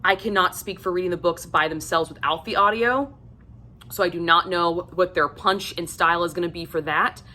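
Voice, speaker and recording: A woman's voice: lowish voice, normal speed, sharp tone. A woman giving a casual video book review, gushing and effusive and swearing freely.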